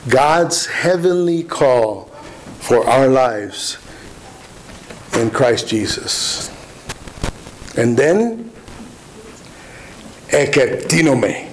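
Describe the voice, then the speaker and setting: A man's voice: mid-range voice, slight background noise, rough recording. A man preaching a sermon, earnest and emphatic, often restarting his words. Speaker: pastor.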